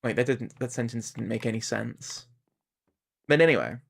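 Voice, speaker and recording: Rambling through casual chat while gaming live, a Canadian man walks his viewers through how certain words are pronounced. He speaks at a normal speed in an animated, creaky, mid-range voice.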